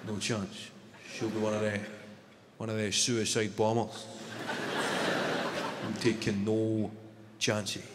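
A man voicing a bigoted middle-aged male train passenger, low and grumbling in confiding asides. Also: little pitch movement, slow pace, pauses often, very noisy. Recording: echoey arena with loud crowd.

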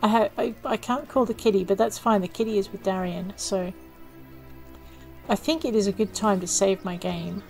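A woman talks through her gameplay in a casual, mid-pitched voice, recorded close on a desk microphone. She thinks aloud as she goes, with dry, self-mocking asides. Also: normal speed, gravelly, darkish tone, soft background music, rough recording. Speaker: let's play gamer.

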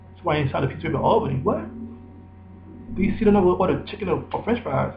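Man, slightly high voice, gravelly, preachy rambling monologue, echoey dull recording. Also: expressive, rapid-fire, slight background noise. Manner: preachy, repetitive, emphatic.

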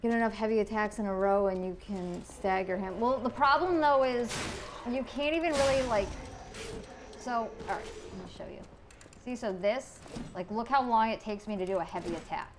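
Woman game streamer, casual, frustrated and cursing, mid-pitched, faint room noise. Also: moderate pace. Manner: frustrated, swears a lot, talks to chat. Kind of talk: casual live gameplay commentary.

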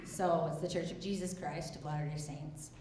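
A woman's voice: deep voice, steady tone, normal speed, a little mellow. A woman in her thirties speaking as a guest on a live podcast, hesitant, with many ums. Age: 30s. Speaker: audience guest. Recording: echoey live room with faint noise, far from mic.

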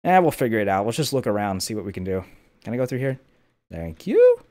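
A man's voice: on the low side, big pitch swings, quick pace, darkish tone. A man hosting a casual gameplay video, joking, swearing and talking to himself as he plays. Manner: jokey, swears a lot, talks to himself. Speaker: gameplay host.

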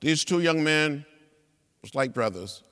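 A man's voice: fairly high pitch, expressive, measured pace, clear, resonant tone. Older man, inspirational speech, bold tense delivery, repetitive sermon-like rhythm, long hall reverb. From Alabama. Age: 70s. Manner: rhythmic preacher-like oratory with repeated phrases, swelling to loud peaks. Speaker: guest speaker.

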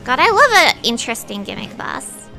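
A woman streaming a game, giving casual, profane and excitable commentary. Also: sits high, normal speed, creaky, music in the background.

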